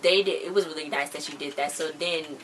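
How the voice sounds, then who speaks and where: Brief: young woman with a low voice, slangy and emphatic, casual episode-recap vlog, faint room hum behind her. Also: fairly quick, rough recording. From US countryside. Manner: chatty, emphatic, slangy, animated. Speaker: TV episode reviewer.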